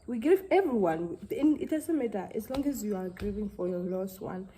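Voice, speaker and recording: A young woman, talking to camera in a halting, heartfelt way and close to tears. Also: medium pitch, lively intonation, mellow, a little hiss or hum, rough recording. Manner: halting, heartfelt, with many restarts. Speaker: vlogger. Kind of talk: casual talk to camera.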